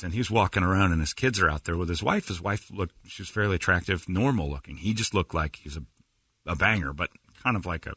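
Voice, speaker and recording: A man's voice: deep voice, a bit bright, dry recording, clean studio sound. A man hosting a podcast, telling a comic story animatedly, laughing and slipping into voices. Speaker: podcast host. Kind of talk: comedic storytelling.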